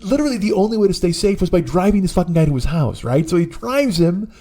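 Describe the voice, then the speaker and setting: A man in his forties tells a rambling, profane comic story on his own podcast. His voice sits a little high and jumps around as he gets worked up. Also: expressive, quick pace, mellow. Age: 40s. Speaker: podcast host, comedian.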